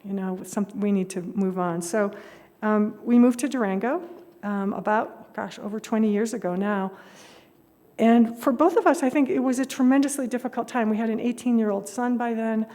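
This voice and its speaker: A woman's voice: a little high, normal speed, dark tone. An older woman giving a storytelling talk at a worship service, chatty with easy humor and frequent laughs. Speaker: lay speaker at a worship service. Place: worship hall. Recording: echoey hall reverb.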